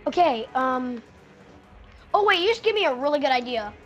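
A woman with a high voice chats casually in an online gaming party. She rambles and giggles, jumping between thoughts. Faint music plays behind her. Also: animated, normal speed. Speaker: player chatting in an online party. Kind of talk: casual voice chat while gaming.

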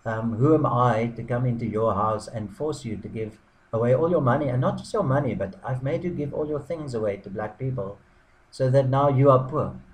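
A man at a middle pitch delivers a mock apology with bone-dry irony. He talks haltingly, with plenty of ums and false starts. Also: slight background noise, rough recording. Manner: deadpan irony, halting with many ums and restarts. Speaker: blogger. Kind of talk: sarcastic mock apology to camera.

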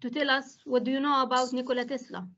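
A woman academic hosts a webinar over a video call, her fairly high voice stopping and restarting often around fillers. The call audio is dull and lo-fi. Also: little pitch movement, crowd noise. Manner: halting, many fillers and restarts. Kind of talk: hosting a webinar.

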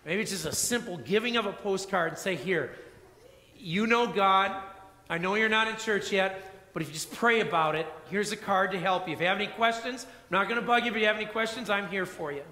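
A man preaching a sermon as pastor, telling a personal story and acting out the dialogue in a quieter voice. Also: high voice. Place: church sanctuary. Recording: echoey church hall reverb.

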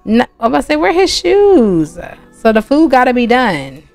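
A woman's voice: a little high, big pitch swings, moderate pace, vocal fry, dry recording. A woman hosting a gaming channel, chatting casually and laughing as she narrates gameplay to her viewers. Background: soft music.

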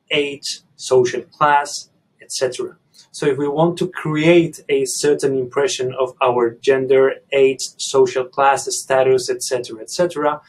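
A man giving an explanatory video lecture on language, measured and deliberate, laying out his points step by step. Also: medium pitch, rough recording. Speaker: language educator.

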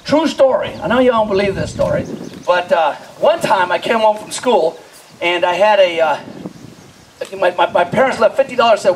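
A man doing live stand-up storytelling, animated, laughing often and acting out scenes while quizzing the crowd. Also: high voice, fairly quick, slight background noise, low-quality recording. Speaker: stand-up comedian.

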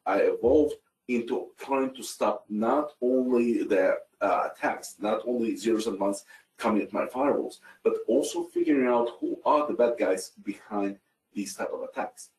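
A man's voice: on the low side, darkish tone. Middle-aged male speaker, Russian accent, chatty and self-correcting, echoey distant sound. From Ukraine. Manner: conversational with frequent fillers and self-corrections. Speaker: conference speaker. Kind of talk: conference talk. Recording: roomy sound, distant from mic.

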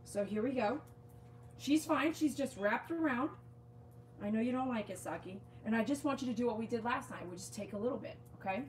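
A woman dog groomer chats through a live grooming stream, her voice sitting fairly high. She talks in a coaxing, reassuring way. She is outdoors, with a faint hiss of noise behind her. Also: a little fast, a little mellow.

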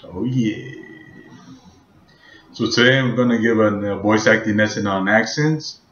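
Slow-talking man in an echoey room. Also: on the low side, fairly bright tone. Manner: slow, rambling, halting delivery with fillers. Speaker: vlogger. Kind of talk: casual rambling vlog with freestyle singing. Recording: echoey room, dull lo-fi sound.

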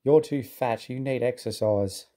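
A man's voice: medium pitch, mellow, natural voice. A man voicing a proud, impatient young tank engine in a storybook reading, speaking crossly and in a hurry. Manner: cross and hurried.

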